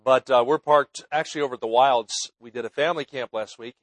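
A man in his fifties from New Jersey preaches to a chapel crowd in a relaxed, storytelling way, stopping to ask for a show of hands. His voice sits at a middling pitch and sounds dry and close, with no room echo. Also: brisk. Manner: folksy storytelling, chuckling warmth about friends; conversational, asks audience to raise hands. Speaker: evangelist preaching at a college chapel. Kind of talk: sermon. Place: chapel with live student audience.

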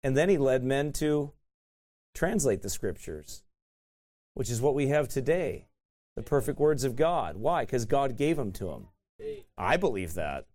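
A man's voice: mid-range voice, sing-song, unhurried, pauses often, darkish tone. A man teaching a sermon in a conversational way, often tossing in "right?" and laughing at himself. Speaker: pastor.

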